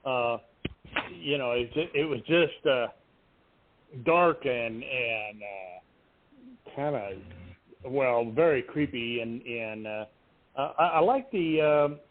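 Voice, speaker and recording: A man giving casual feedback on a poem, hesitant and halting. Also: mid-range voice. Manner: hesitant, many fillers and restarts. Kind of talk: casual chat. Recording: tinny phone-like online audio.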